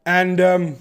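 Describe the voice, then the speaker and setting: A man's voice: high voice, gravelly, fairly bright tone, clean tone. A man from Africa, hosting a casual live stream and telling long, meandering stories with frequent restarts. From South Africa. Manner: rambling, digressive storyteller who often restarts sentences.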